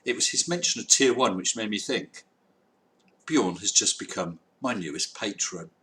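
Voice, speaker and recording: A man's voice: on the low side, expressive, moderate pace, pushed and bright. A man hosting a live stream, chatting casually and wryly reading out viewer comments. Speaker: livestream host.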